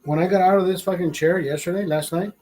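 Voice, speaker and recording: A man's voice: sits high, steady tone, fast talker, warm tone, soft background music. A man talking to his stream in a rambling, emotional monologue, swearing often and talking to himself. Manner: rambling, heavy swearing, self-talk.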